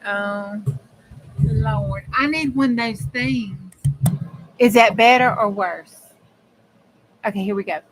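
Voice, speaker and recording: A woman's voice: mid-range voice, takes it slowly, long pauses, low-quality recording. A woman hosting a casual crafting livestream, chatting with viewers and laughing often. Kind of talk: casual chat while crafting. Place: home craft room with air conditioner running. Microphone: desk mic. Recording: faint room hum from fan.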